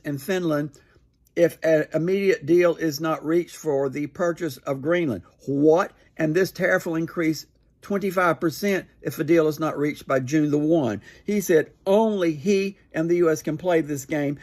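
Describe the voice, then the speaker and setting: A man commenting on political news in a sarcastic, mocking tone, firing rhetorical questions. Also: fairly high pitch. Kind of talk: opinionated news reaction.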